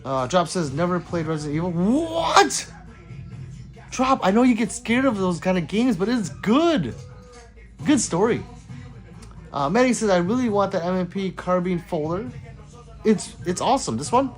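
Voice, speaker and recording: A man with a fairly high, animated voice hosts a casual livestream, reading out viewer comments and answering them with easy laughs. Faint music plays low behind him. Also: normal speed. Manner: chatty, laughs often, reads comments aloud in a lively voice. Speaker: livestream host reading chat.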